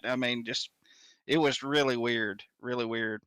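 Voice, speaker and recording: A man hosting a casual chat, telling a story in a relaxed, chatty way. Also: mid-range voice, normal speed, smooth, dry recording.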